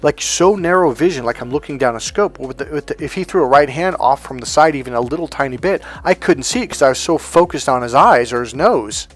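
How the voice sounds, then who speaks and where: A man's voice: mid-range voice, a little fast, hardly any pauses. A middle-aged man, an NLP trainer, giving a casual motivational talk and acting out bits of dialogue as he tells stories. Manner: storytelling, acts out dialogue, animated asides.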